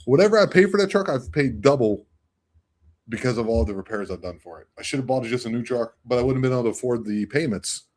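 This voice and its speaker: A man's voice: medium pitch, lively intonation, fast talker, darkish tone. A man co-hosting a podcast in casual, profane chat, often breaking into cackling laughter. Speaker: podcast co-host.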